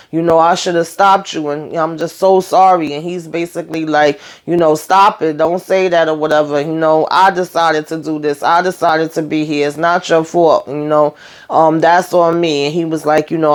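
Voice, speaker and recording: Chatty woman recapping a TV episode. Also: low-pitched. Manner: chatty and emphatic, talks straight to viewers, many fillers. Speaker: TV show recap host.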